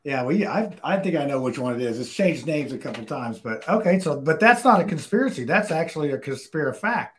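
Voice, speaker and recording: Male talk show host, slightly raised pitch, rambling and playful. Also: animated, fairly quick, few pauses. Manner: rambling, self-interrupting, jokey. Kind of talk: casual chat.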